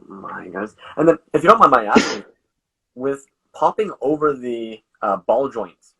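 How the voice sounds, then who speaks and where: A male host asks curious, courteous questions in a relaxed interview. His voice is bright and forward, with a husky edge. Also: mid-range voice, unhurried, rough recording. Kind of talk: casual interview chat.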